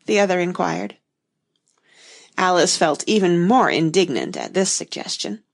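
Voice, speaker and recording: Woman narrator, storybook audiobook, low voice, lively intonation, gravelly. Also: moderate pace. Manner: expressive storytelling. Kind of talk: audiobook reading.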